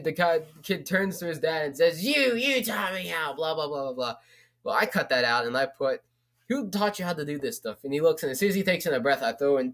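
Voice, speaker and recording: A man's voice: mid-range voice, fairly bright tone. A young man vlogging in a casual, rambling way, with loose talk and frequent swearing. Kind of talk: casual vlog chat.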